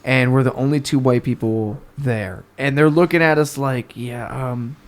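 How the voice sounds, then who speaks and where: A man's voice: medium pitch, normal speed. A young man from the New York area, a podcast guest telling a story in casual talk, swearing and acting out the people in it. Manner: animated, swearing, acts out voices in his stories.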